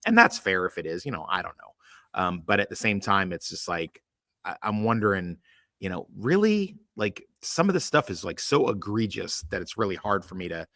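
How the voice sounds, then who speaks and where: A lively man in his thirties hosts a casual podcast, swinging his pitch up and down as he rants and swears through an episode recap. His voice sits low and comes across bright and forward. The sound is dry and close. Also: normal speed, no echo. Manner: animated, profane, rambling. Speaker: podcast host.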